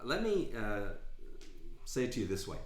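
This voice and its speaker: A man's voice: medium pitch, sing-song, normal speed. A man hosting a live client Q&A, talking bluntly and emphatically with some joking. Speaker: matchmaking agency host. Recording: echoey room.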